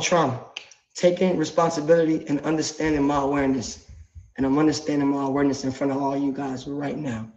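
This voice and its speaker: A man speaks in an earnest, reflective way, encouraging listeners to be themselves. His voice sits a little high. It comes through a roomy, echoing space on muffled, lo-fi audio. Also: steady tone, fairly quick, darkish tone. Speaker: rapper, guest artist. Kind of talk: heartfelt live-stream speech.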